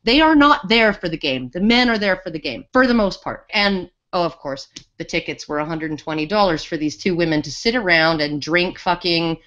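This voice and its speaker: A woman's voice: on the low side, animated, fairly quick, a bit bright, dull audio. A woman co-hosting a casual panel discussion, blunt and swearing freely. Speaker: podcast co-host.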